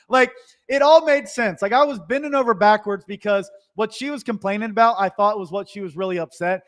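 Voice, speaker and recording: Guy with a light, high voice chatting about his light install biz, animated, lots of restarts. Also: fairly quick. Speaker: Christmas light installation business owner. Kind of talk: casual storytelling to viewers.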